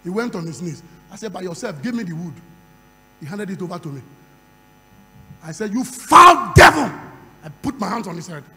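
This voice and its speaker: A man's voice: high voice, brisk, pauses often. A man preaching a sermon, calling for responses from the crowd and breaking into speaking in tongues. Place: large hall. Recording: long hall reverb.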